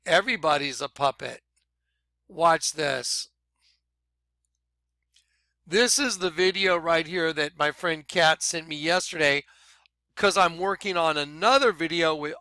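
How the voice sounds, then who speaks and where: An excitable man talks slowly, drawing out his words, in a bright, clear voice that sits a little high. He comments emphatically over videos he plays and keeps apologizing for getting ahead of himself. The sound is dry and close. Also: no room sound. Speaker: video blogger.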